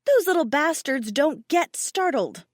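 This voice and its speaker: A proud dragon queen, indignant and sharp-tongued, her voice climbing high and loud, as a woman narrator acts her out. The pitch swings widely as she scolds. The read is dry and close. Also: expressive, measured pace, no echo. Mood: furious.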